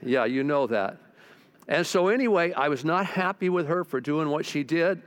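Older pastor preaching, low drops. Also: male voice, lively intonation, moderate pace. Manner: storytelling preacher, drops low and quiet for emphasis; talks to the congregation with questions. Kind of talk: sermon.

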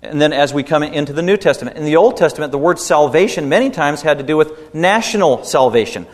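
A pastor preaches a sermon fast and emphatically, his fairly high voice full of lively intonation and climbing on stressed words. A long reverb trails behind him, as though he is in a big hall.

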